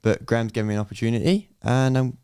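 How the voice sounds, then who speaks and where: A man's voice: mid-range voice, fairly even intonation, fast talker, darkish tone, smooth, no room sound, studio quality. A seventeen-year-old man with an English accent, a guest chatting modestly and agreeably on a podcast. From England. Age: teens. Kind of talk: casual chat.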